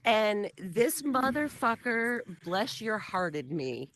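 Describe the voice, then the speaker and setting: A woman's voice: mid-range voice, big pitch swings, slow, a loud crowd, rough recording. A woman from Vermont with a light Vermont accent, co-hosting a casual podcast and telling rambling, giggly stories. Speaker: co-host.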